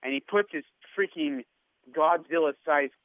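A man with a slightly high voice tells a lively story over the phone. The sound is thin and tinny, like a phone call, and very dry with no room echo. He acts out the voices of the people in his story as he goes. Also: measured pace. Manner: animated storyteller, acts out quotes. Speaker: guest. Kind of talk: casual storytelling.

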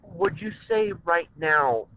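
Excitable male co-host on a phone. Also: on the high side, takes it slowly, a little hiss or hum, poor audio. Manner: excitable, giggly. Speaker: podcast co-host. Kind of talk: casual chat. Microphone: cell phone.

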